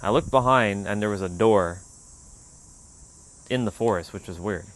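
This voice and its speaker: Hosting a spiritual livestream, a man with a lowish voice shares a personal story at a moderate pace. He rambles in a relaxed way, saying "like" a lot.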